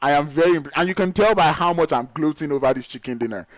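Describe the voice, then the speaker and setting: A man whose first language is Yoruba, casting live esports play-by-play in an excitable, gushing, exclamatory way. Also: fairly high pitch, quick pace, dry recording, rough recording. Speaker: esports caster.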